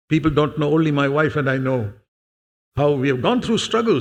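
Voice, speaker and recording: An older man delivers an earnest sermon with a gravelly, creaky voice. He leans hard on key words and repeats them, and at times turns to speak straight to the children. His words ring with a long reverb through a church hall. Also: a little high, normal speed, long pauses. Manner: speaks directly to children in the congregation. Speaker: preacher.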